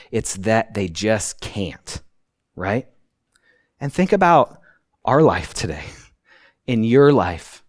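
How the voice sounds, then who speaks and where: Male pastor, mid-pitched voice, relaxed sermon delivery, dry close sound, punctuates points with "right?". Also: dry recording. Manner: conversational preaching, tags points with "right?"; acts out quotes with sudden high-pitched outbursts.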